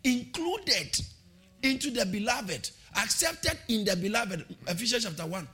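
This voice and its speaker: Male preacher, high and bright, exhorting, repeats lines, calls for shouts. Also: sing-song, measured pace. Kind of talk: sermon.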